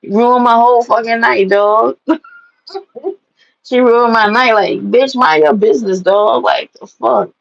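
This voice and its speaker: Brief: woman, gravelly fry in the voice, blunt and profane storyteller, slightly dull lo-fi sound. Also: a little high, measured pace. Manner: animated, blunt and profane, laughing at own stories. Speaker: vlogger telling stories. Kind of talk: casual storytelling to camera.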